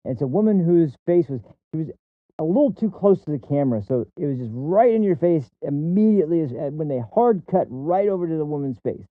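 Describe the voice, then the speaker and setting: A man rants in casual commentary, scornful and swearing at what he just watched. His voice sits a touch high for a man and comes through a narrow, phone-like channel. The sound is dry and close, with no room around it. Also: lively intonation, brisk, dry recording. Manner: mocking, profane, scornful. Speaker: streamer commenting on a clip.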